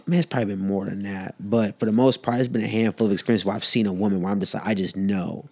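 A man co-hosting a casual talk show, chatting and chiming in with quick agreement. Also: lowish voice, slightly rough. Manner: quick agreeing interjections, animated when arguing. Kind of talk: casual chat.

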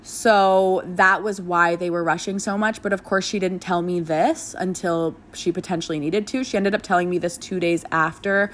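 Frank young woman with a lowish voice. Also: moderate pace, few pauses. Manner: frank and casual, swears freely; animated, jumping into high-pitched voices for quoted lines. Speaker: new mother telling her birth story. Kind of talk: candid personal storytelling.

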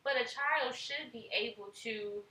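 Woman chatting earnestly, bright ringing voice, kinda far from the mic in a roomy space. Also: fairly high pitch, unhurried. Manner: earnest, talks with her hands in quotes, acts out parent and child lines. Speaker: parent in a podcast conversation. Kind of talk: casual chat. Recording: echoey room, set back from the mic.

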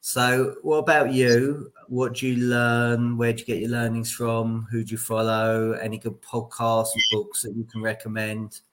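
A man's voice: mid-range voice, completely flat delivery, unhurried, hardly any pauses, fairly bright tone, rough recording. A man hosting an interview podcast, chatting conversationally and telling anecdotes. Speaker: podcast host. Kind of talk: casual interview chat.

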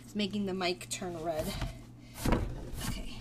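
A chatty young woman with a slightly high voice, talking her way through cooking at home with playful complaints. The kitchen recording is noisy, with clatter around her. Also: moderate pace. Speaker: co-host of a cooking podcast. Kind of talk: casual kitchen chat while cooking.

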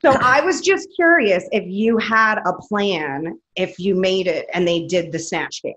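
Woman co-host, mid pitch, curious and steady questioner. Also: a little slow. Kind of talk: casual interview chat.

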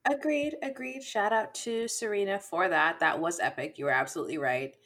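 A woman's voice: mid-range voice, fairly quick, fairly bright tone. A woman co-hosting a podcast, chatting casually and bluntly, laughing often and acting out what people said. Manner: blunt, laughs often, acts out quoted lines. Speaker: podcast co-host. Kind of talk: casual chat.

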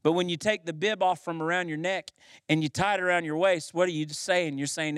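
A man preaching a sermon, emphatic and repetitive, rising in pitch on key phrases. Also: fairly even intonation, fairly quick, fairly bright tone, no echo, studio quality. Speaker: pastor.

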